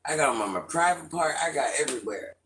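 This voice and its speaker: A middle-aged man chatting casually on a livestream, greeting viewers by name and answering their comments in an animated way. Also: a little high, fast talker, a little hiss or hum. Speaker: livestream host.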